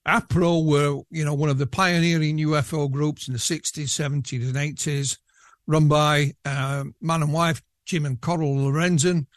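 A man's voice: fairly high pitch, flat delivery, moderate pace, no echo, studio quality. A man with a Yorkshire accent, a guest chatting casually in an interview and rambling with restarts. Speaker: guest researcher.

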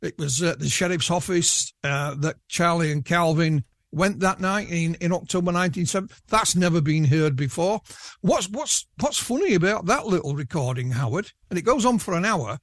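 Yorkshire-accented male guest, fairly high, rambling and dry. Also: no echo. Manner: rambling, with many restarts. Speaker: guest researcher. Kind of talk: casual interview chat.

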